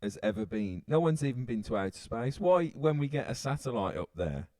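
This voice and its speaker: Rambling British man, mid-pitched. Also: very animated, brisk, a little mellow, no echo. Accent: British English. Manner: rambling, hesitant, laughing. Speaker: podcast co-host. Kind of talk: casual chat.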